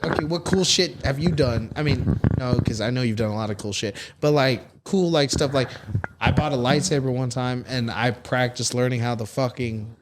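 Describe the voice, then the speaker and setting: A man's voice: medium pitch, normal speed, background noise. A man co-hosting a comedy podcast, teasing and swearing a lot in loose casual chat. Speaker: podcast co-host.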